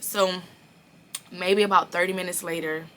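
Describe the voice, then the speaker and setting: Young new woman spilling a story to her viewers, low-ish voice but punchy and bright, cussing a lot. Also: normal speed, slight background noise. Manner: animated, profane, talks straight to viewers. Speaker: vlogger. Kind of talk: casual storytime.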